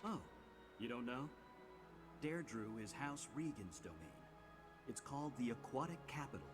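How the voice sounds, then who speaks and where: A man's voice: mid-range voice, lively intonation, normal speed, natural voice. An actor playing a tired, wry male knight who grumbles dryly. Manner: dry and grumbling. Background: game music.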